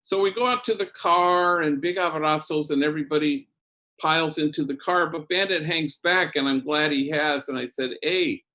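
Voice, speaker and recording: A man who is a priest, telling a story in a talk with lively swings in pitch and loudness. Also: moderate pace.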